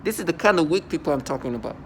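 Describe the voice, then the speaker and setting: A man's voice: on the high side, expressive, very fast, a little hiss or hum. A man in an angry personal monologue to camera at home, defiant and scornful, often repeating and restarting his words. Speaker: vlogger. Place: at home indoors.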